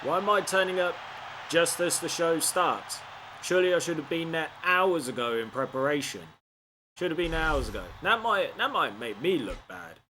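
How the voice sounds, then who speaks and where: A man playing a wrestling video game and reacting with playful, animated commentary. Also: on the high side, moderate pace, a little hiss or hum. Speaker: game player. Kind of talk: gaming commentary.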